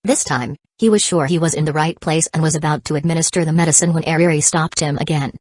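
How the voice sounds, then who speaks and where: A woman narrating an audiobook in an even, measured reading. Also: low voice, no echo. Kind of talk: scripted narration.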